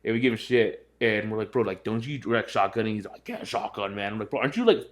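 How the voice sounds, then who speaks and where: A man's voice: on the low side, expressive, quick pace. A young man co-hosting a podcast, telling a story in casual chat and acting out his friends' voices. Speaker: podcast co-host.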